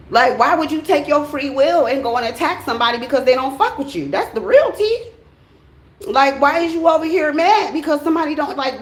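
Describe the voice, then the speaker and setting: American woman, tarot reader, casual monologue, blunt and profane, slightly high voice, roomy echo. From United States. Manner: blunt, profane and animated, with slang.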